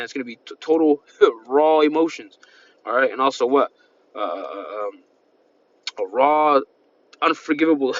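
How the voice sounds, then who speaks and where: A man's voice: on the high side, a bit bright, dull audio. A man preaching an informal sermon, reading scripture and rambling with constant "man" and "all right" fillers. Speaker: street-style preacher.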